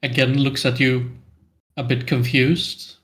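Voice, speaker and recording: A man, a player in a tabletop game, casually narrating his character and pausing often with fillers. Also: medium pitch, level tone, a bit bright. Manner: hesitant, with frequent fillers.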